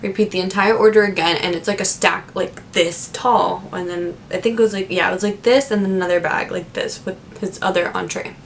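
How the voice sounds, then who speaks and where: A young woman talks straight to camera, retelling stories from her service jobs in a loose, chatty way. Her voice sits at an ordinary middle pitch. A faint rumble runs underneath. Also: brisk, creaky, hardly any pauses. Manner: chatty, animated retelling with many fillers. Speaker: vlogger. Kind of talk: casual storytelling to camera.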